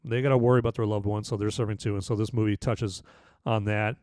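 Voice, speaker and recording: A man's voice: lowish voice, level tone, fast talker, darkish tone, no echo. Rambling man casually reviewing a film. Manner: rambling, full of "you know" and restarts. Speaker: podcast host and movie reviewer.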